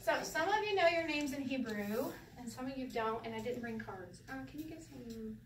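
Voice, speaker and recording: A fairly high-voiced woman leads a relaxed class, joking and laughing as she goes. She sits back from the microphone in a roomy, echoing space, with a faint hiss of room noise underneath. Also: moderate pace, far from the mic. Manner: playful, laughs often, sing-song when demonstrating. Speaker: Hebrew teacher. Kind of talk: casual classroom teaching.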